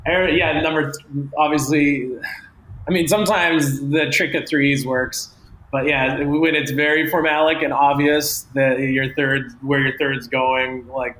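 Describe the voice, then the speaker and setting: A Canadian man, a comedian, chatting as a guest in a rambling way, full of fillers and quick laughs. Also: mid-range voice, a bit bright, a little hiss or hum. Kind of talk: casual interview chat. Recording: echoey room.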